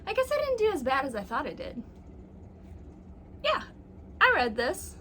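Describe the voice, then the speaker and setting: A woman's voice: high-pitched, huge pitch swings, moderate pace, a bit bright, slight background noise. A young woman talking casually on camera about her reading, chatty and self-mocking, with plenty of likes and ums. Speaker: booktuber. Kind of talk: casual chat.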